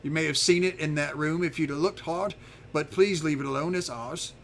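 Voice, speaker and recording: A man voicing a small boastful male dragon creature who rambles excitedly. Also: fairly high pitch, a little fast, creaky, slight background noise. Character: boastful little male dragon, kobold-like, chatty.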